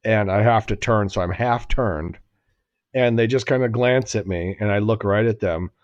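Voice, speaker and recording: A man's voice: on the low side, normal speed, highs cut off. A man in his forties co-hosting a podcast, telling a long story in a casual, rambling way, often cutting himself off and laughing. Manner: rambling, self-interrupting, laughs at own story. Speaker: podcast co-host.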